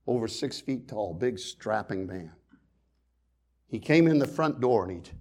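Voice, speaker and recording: Male pastor, sermon, fairly low voice, impassioned, loud then hushed. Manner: impassioned preaching, swings between loud emphasis and hushed retelling.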